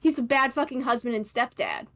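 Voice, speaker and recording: A woman streamer in casual chat, blunt and quick to laugh, swearing freely. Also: on the high side, huge pitch swings, a bit bright. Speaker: podcast host.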